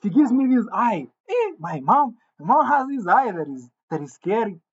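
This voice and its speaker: A man telling a comic story in an animated, indignant way with many stumbling restarts, on a dull lo-fi recording. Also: high-pitched, moderate pace, husky.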